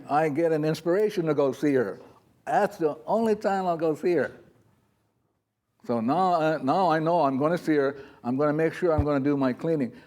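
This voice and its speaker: A man's voice: fairly high pitch, a little mellow. A man teaching a live audience in a loose, rambling, chatty way, often acting out little quoted voices as he talks. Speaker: spiritual teacher. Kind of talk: informal spiritual talk to a live audience. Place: talk in front of an audience.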